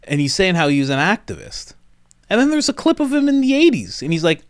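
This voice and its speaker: A man hosts comedic reaction commentary, chatty and enthusiastic. His slightly high voice rises and falls with lively swings, and the recording sounds dry and close. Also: brisk, no echo.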